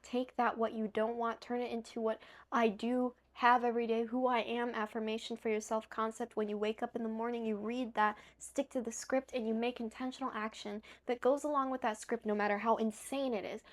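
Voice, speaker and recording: A young woman talking straight to the camera, giving earnest, emphatic motivational advice and sometimes correcting herself mid-word; she sounds a little tired. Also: fairly high pitch. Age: young adult.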